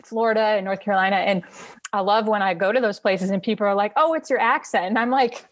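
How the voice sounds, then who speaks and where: A woman from Wisconsin hosting a relaxed interview at a middle pitch. She chats casually, backs up her guest often and asks open questions. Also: fast. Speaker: interview host.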